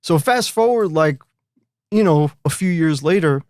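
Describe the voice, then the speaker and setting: A man's voice: on the high side, expressive, unhurried, a little mellow, no room sound. Middle-aged guy telling a story, rambly, lots of "you know", dry close sound. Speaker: guest musician. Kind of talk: casual storytelling.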